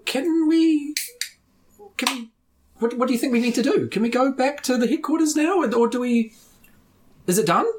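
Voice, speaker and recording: A game master plays a shaken, scratched-up companion in a tabletop game, voice lifted high above the usual. The questions come out in nervous, stammering restarts. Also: normal speed, long pauses, background noise, lightly acted. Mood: anxious. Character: battered, nervous companion unsure what to do. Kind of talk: tabletop role-play voice.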